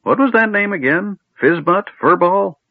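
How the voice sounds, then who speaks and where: A man's voice: high voice, animated, moderate pace, dry recording, narrow, tinny audio, voice pushed up. A man voicing a doddering, absent-minded old male wizard who mutters and rambles. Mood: fussy, rambling.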